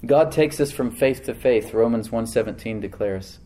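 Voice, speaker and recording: A male pastor preaching a sermon in church, animated, slowing down to stress words and acting out the voices he quotes. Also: medium pitch. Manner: animated preaching, slows for emphasis, acts out quoted voices and laughs.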